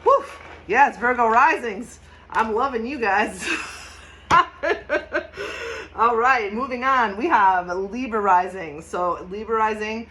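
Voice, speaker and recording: A woman's voice: a little high, fairly bright tone. A woman giving a casual, enthusiastic tarot and astrology reading, talking emphatically, swearing freely and laughing often. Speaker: tarot reader.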